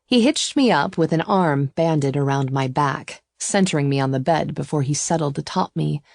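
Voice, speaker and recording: A woman narrating a first-person romance audiobook in an even, intimate storytelling voice. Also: sits low, moderate pace, creaky, no room sound.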